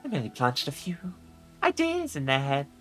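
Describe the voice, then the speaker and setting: A man's voice: fairly high pitch, wildly swooping pitch, fairly quick, a bit bright, faint music behind, voice pushed up. A man voicing an airy, otherworldly female demon who sounds insect-like and mocking.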